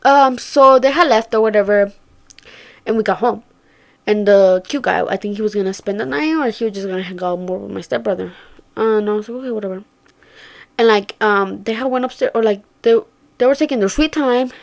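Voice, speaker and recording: A woman's voice: mid-range voice, fairly quick, gravelly. A young woman telling a story to her viewers in casual chat, swearing freely and acting out what her friends said. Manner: chatty, swears a lot, acts out quoted friends. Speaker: vlogger.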